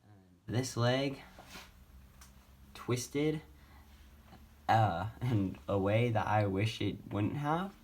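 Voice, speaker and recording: A man's voice: lowish voice, animated, drawn-out words, pauses often, a little hiss or hum. A young man casually telling a personal story on his vlog, rambling with many fillers and restarts, speaking from a wheelchair at home. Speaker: vlogger.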